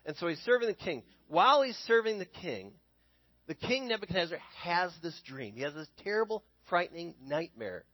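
A young man tells a Bible story in an easy, chatty sermon, often pausing to ask his listeners "okay?" His voice sits a little high for a man. The sound is close and dry, with almost no room echo. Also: sing-song, fairly bright tone. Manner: conversational, checks in with listeners with "okay?". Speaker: preacher.

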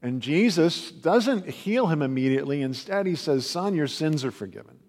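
A man preaching a conversational sermon and retelling stories with animated quoted voices. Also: moderate pace. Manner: animated storytelling, raises pitch for quoted voices. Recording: long reverb of a hall.

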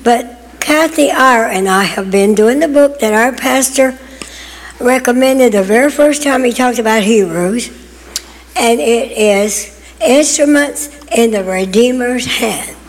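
A woman's voice: a little high, unhurried. Chatty older woman testifying in a hall. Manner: chatty, emphatic, laughing asides. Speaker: church member. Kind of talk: personal testimony in church sharing time. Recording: long hall reverb.

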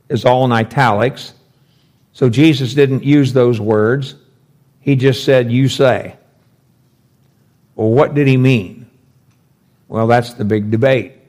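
A man teaching through a Bible passage verse by verse, conversational and thinking aloud with rhetorical questions. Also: medium pitch. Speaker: pastor teaching scripture.

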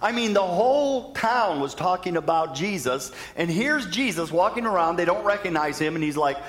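A male pastor, a little high-voiced, delivers an animated storytelling sermon. He speeds up and slows down for emphasis while a long church reverb hangs on his words.

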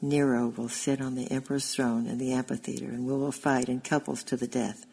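Storybook role: male reader plays a soft-spoken, sad gladiator, slow and gravelly, with a foreign lilt. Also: mid-range voice, flat delivery, poor audio. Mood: gentle, weary. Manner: speaks slowly with a foreign accent. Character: gentle sad giant gladiator, grown man, captive from afar.

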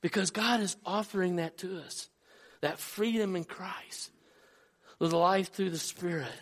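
High-voiced man preaching a sermon. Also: a little slow. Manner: storytelling with repeated restarts, rising to fervor when quoting. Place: church.

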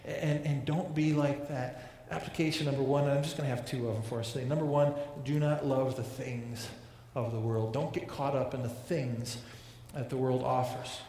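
A man's voice: mid-range voice, fairly even intonation, normal speed, hardly any pauses, mellow. Man preaching a sermon in an echoey hall. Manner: earnest, repeats words and restarts often. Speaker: pastor. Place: large church hall. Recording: echoey hall with long reverb.

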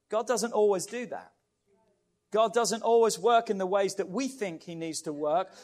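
A man preaching a sermon who reads scripture aloud, urges his congregation on, and builds to loud, impassioned climaxes. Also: high-pitched. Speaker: pastor.

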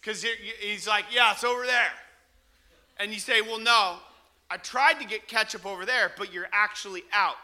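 A man preaching with a high, bright, ringing voice. He tells a comic anecdote in an animated way and keeps checking in with his listeners, with plenty of asides. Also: moderate pace. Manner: animated, humorous storytelling with asides to the congregation. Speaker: pastor. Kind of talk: sermon with a storytelling opening.

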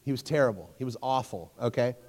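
A man's voice: medium pitch, fast. Man preaching with a storyteller's energy in a reverberant hall. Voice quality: storytelling, jokey and animated, talks to crowd. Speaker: youth pastor. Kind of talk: sermon. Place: church hall.

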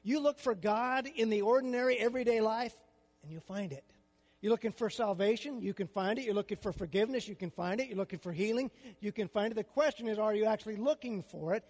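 A man's voice: high-pitched, quick pace, a little mellow, big-room sound. An older man preaching a sermon as a pastor, with a conversational style full of rhetorical questions.

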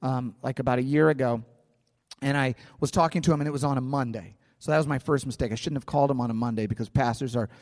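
A man's voice: medium pitch, fairly even intonation, fast, a little mellow. A male pastor preaching a sermon in a conversational way, telling stories and often restarting his phrases. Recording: long hall reverb.

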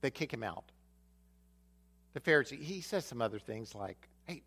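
A man's voice: medium pitch, expressive, moderate pace, long pauses, sharp tone, breathy edge. A man preaching a sermon, retelling a Bible story and acting out its dialogue, with repeated phrases for emphasis. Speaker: pastor.

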